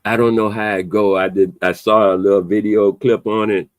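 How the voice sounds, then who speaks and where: A man, hosting an opinionated podcast chat in an emphatic, animated way. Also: lowish voice, normal speed, no echo. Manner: animated, emphatic, loose conversational delivery with a playful edge. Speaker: podcast host.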